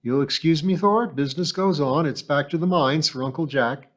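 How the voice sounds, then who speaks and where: A man voicing a middle-aged businessman father who speaks in a brisk, jovial way. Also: a little high, close to an everyday voice. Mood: genial.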